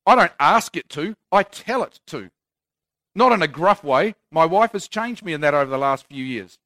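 Man, preacher, sermon, earnest, conversational, high voice, dry sound. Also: lively intonation, moderate pace, fairly bright tone, dry recording. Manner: earnest, conversational, with self-deprecating humour.

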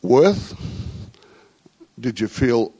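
A man's voice: medium pitch, big pitch swings, very slow, dark tone, slightly rough, low-quality recording. A middle-aged man with an Australian accent, telling rambling, slangy stories in a conversational talk to a group.

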